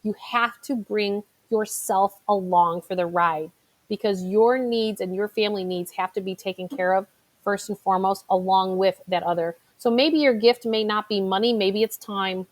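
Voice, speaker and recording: A woman's voice: medium pitch, fairly even intonation, normal speed. A middle-aged woman, a financial advisor giving a motivational talk in a chatty storytelling way, full of fillers. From Chicago.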